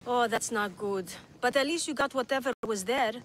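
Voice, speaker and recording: A woman's voice: fairly high pitch, normal speed, a bit bright, a little hiss or hum, lightly acted. A woman playing a sarcastic blacksmith's apprentice. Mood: teasing. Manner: teasing, dry asides. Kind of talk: video game voice acting.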